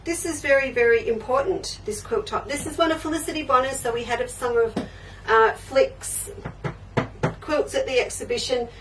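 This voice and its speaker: A woman's voice: a little high, normal speed, a little hiss or hum. Chatty older woman, mic at a distance. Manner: chatty, reads out and answers viewer comments. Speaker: quilting show host. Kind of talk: live crafting show chat.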